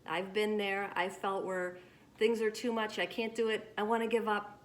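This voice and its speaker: After reading a picture book, a woman teaches children, speaking directly to them about handling disappointment in a gentle, encouraging way. Her mid-range voice has a flat delivery and moderate pace.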